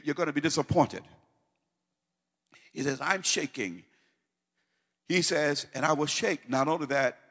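Fervent high-voiced male preacher in a reverberant hall. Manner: builds from calm teaching to loud, fervent preaching with repetition. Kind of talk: sermon.

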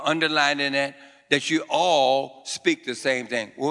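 Pastor, male, call-and-response preacher with a bright, ringing, fairly high voice, recorded in a church hall with long reverb. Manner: call-and-response preaching, repeats phrases and quizzes the congregation; fervent declarations in a raised voice. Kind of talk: sermon. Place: church sanctuary before a congregation.

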